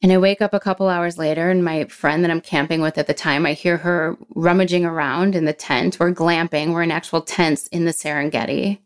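A woman guest in a casual interview, telling a personal story in an animated way, acting out what people said and slowing down when she gets emotional. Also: low voice, clear, resonant tone. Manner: animated storyteller, acts out quoted voices, slows down when emotional.

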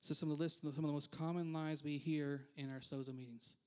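Candid, higher-voiced male pastor preaching. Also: steady tone, brisk, darkish tone, smooth. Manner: candid, self-deprecating, frequent asides. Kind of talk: conversational sermon.

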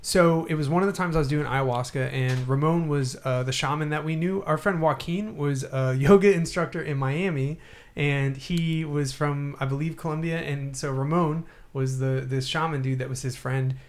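Animated storytelling man, slightly high voice. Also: moderate pace. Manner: rambling, animated, laughs often. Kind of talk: casual chat, storytelling.

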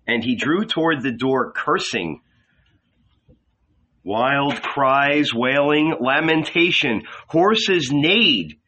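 A man reading a novel aloud in deliberate, dramatic literary narration. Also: mid-range voice. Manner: slow, expressive, deliberate. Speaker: audiobook reader.

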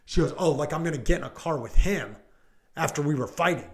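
A man's voice: fairly high pitch, expressive, brisk, crowd noise. A male police deputy, probably in his thirties, casually retelling a call with lots of "like" and "I go" and acting out what people said. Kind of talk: casual storytelling in a podcast chat.

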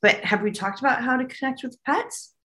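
A woman's voice: high-pitched, a little fast, bright, forceful tone. A woman co-hosting a casual spiritual chat, relaying messages she hears and laughing often. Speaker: co-host and medium.

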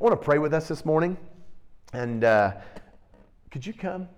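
A man preaching a sermon, shifting between quiet storytelling and loud, emphatic, direct challenges to his listeners. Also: fairly high pitch, animated, a little slow, pauses often. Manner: intense, direct, challenging delivery.

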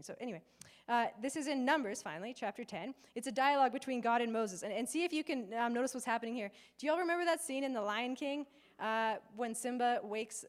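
Female preacher, fairly high voice, casual animated sermon delivery, talks to the room like a friend. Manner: chatty and animated, acts out quoted voices, many fillers. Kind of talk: conversational sermon. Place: in person before a live gathering with slides.

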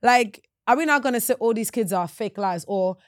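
A woman's voice: a little high, animated, moderate pace, no echo, studio quality. A woman in casual chat, talking about her life and acting out the people she quotes. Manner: chatty storyteller who acts out people she quotes.

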